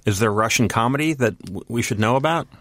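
A man hosting an interview, asking short curious questions and dropping quick interjections in a recording booth. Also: medium pitch, expressive, a bit bright, dry recording. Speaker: podcast host, interviewer. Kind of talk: casual interview.

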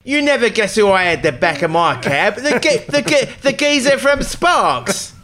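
A man putting on the voice of a chatty old taxi driver, excited and stammering. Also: sits high, a little slow, voice pushed up, full character voice. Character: gossipy old male London cabbie, chatty.

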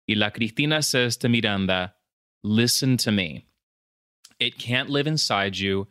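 Dude hosting a podcast, crisp bright voice, dry close sound, sprinkles in while recapping a movie. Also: male voice, lowish voice, a little slow, no echo. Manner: animated storyteller mixing in Spanish words, swears and laughs. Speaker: podcast host. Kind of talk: casual chat recapping a film.

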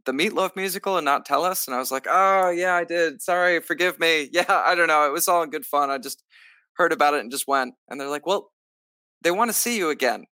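A man, a stage actor, telling a story in a casual interview, lively and acting out what others said, with lots of filler "like"s. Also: mid-range voice, dry recording, clean studio sound. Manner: animated, acts out quoted lines; many filler likes. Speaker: musical theater actor, guest.

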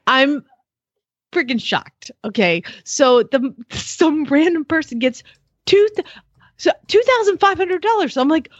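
Animated woman telling a story. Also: normal speed, dry recording, dull audio. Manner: animated storyteller who acts out quotes in exaggerated high voices. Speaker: podcast co-host. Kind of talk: casual chat, storytelling.

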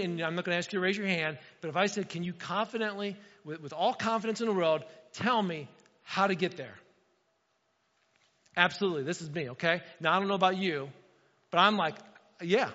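Male pastor, high bright voice, chatty sermon, long hall reverb, slightly dull sound. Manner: conversational, asks the room "right?" often, acts out little dialogues. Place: church hall.

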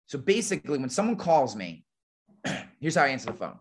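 A man's voice: mid-range voice, sing-song, brisk. A man who runs an insurance agency and hosts a podcast, teaching on a live webinar in a casual, blunt way with lots of fillers and the odd swear word. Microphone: remote webinar call.

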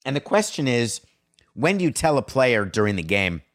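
A man's voice: medium pitch, big pitch swings, moderate pace, fairly bright tone. A middle-aged man hosting a sports podcast, talking bluntly and conversationally with strong opinions. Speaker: podcast host. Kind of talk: solo sports talk podcast.

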